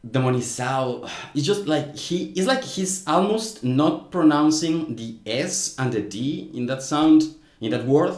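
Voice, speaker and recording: A man's voice: a little high, lively intonation, unhurried, darkish tone. Frank man commenting, roomy echo. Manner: thinking aloud, frank and critical. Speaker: language commentator. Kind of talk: casual video commentary on clips.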